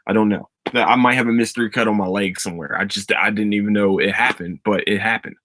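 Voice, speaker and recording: A young man hosting a casual solo podcast, ranting about a TV finale in a profane, excitable, rambling way full of restarts. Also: fairly low pitch, fast, no echo. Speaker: podcast host.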